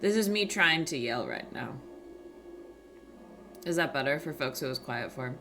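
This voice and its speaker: A young woman hosting a livestream, chatting casually with viewers in a soft, quiet morning voice into a small desk microphone. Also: extremely low pitch, expressive, normal speed, gravelly, faint music behind. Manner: soft-spoken, chatty, reading out chat messages. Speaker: livestream host. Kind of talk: casual chat with stream viewers.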